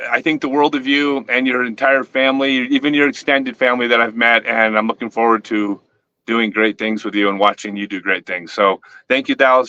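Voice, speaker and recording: A man's voice: lowish voice, pushed and bright, dry recording, muffled recording. A man hosting a casual interview, rambling with restarts and teasing playfully. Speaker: host, disc company owner.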